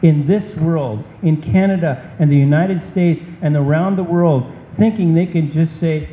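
A man's voice: on the high side, measured pace, hardly any pauses. A man preaching a sermon as a pastor, emphatic and impassioned. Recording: dull, echoey hall.

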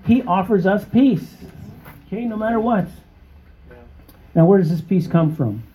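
A man preaching a sermon, emphatic and conversational, often checking in with his listeners and rising to high, excited exclamations. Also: measured pace. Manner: conversational, with frequent check-ins to the congregation. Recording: dull, muffled lo-fi recording.

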